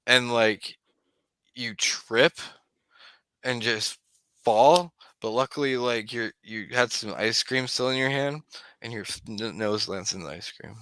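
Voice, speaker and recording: Young male game master, casual rambling narration, bright and dry. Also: medium pitch, unhurried, clear, resonant tone, no echo. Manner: casual, rambling with many fillers.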